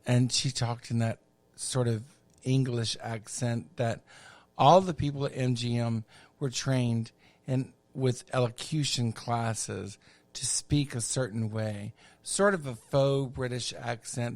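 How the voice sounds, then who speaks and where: A middle-aged man telling a long personal story on a podcast, campy and chatty with unhurried asides. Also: mid-range voice, steady tone, darkish tone, no room sound. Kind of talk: casual storytelling.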